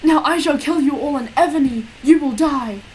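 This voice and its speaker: A woman voicing an evil male dark wizard who delivers slow, theatrical threats in old-fashioned words. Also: sits high, slight background noise, voice pushed up, natural voice, low-quality recording. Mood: gloating.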